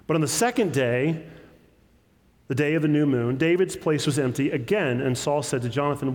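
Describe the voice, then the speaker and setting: A man preaching a sermon as a pastor, his delivery swinging between loud emphatic stresses and hushed, drawn-out words. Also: fairly high pitch. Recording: long hall reverb.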